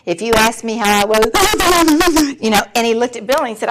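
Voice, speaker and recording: A woman's voice: on the high side, animated, normal speed. A woman in her sixties sharing her personal story at a recovery meeting, candid and wry, laughing often as she talks. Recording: recording with clear background noise.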